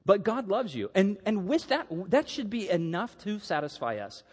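A man's voice: high voice, sing-song, normal speed, in a large hall. A middle-aged man preaching a sermon as a pastor, telling stories animatedly and acting out the quotes.

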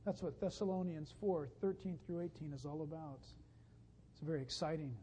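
A man preaching a sermon as pastor, animated and punchy, with emphatic rises and wry jokes. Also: a little high, moderate pace, slight background noise. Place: church sanctuary. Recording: lo-fi, dull, long reverb from a church hall.

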